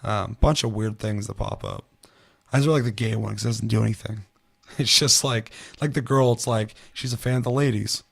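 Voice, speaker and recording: A man chatting casually on a gaming podcast, swearing a lot and telling stories with animated, shouted quotes. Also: on the low side, fairly quick, gravelly, breathy edge. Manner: profane, animated storytelling with shouted put-on quotes. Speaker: podcast co-host.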